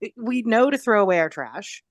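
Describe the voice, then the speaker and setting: A woman's voice: medium pitch, big pitch swings, brisk, no room sound. A woman co-hosting a podcast, chatting in a wry, joking way. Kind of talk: casual chat.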